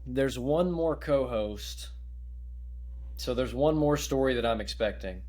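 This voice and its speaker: A man's voice: medium pitch, measured pace, darkish tone. A man hosting a podcast, talking casually with lots of fillers. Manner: conversational, uses fillers. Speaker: podcast host. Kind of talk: casual chat.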